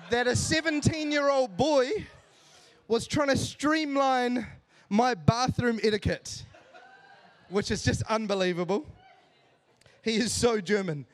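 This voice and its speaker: A man from Sri Lanka performs stand-up on a comedy stage with a fairly high voice. He talks in an animated way and often laughs as he delivers his punchlines to the crowd. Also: slow, long pauses. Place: comedy stage with live audience.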